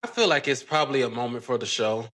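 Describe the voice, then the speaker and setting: A man's voice: mid-range voice, fast, a bit bright. A man co-hosting a recap show in a laid-back, casual way, quoting the cast as he talks. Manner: laid-back, many fillers, quotes the cast. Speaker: podcast co-host.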